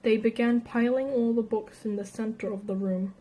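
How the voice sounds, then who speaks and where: A woman reading a novel aloud in an even voice, with light voices for the characters. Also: a little high, normal speed, rough recording. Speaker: audiobook reader.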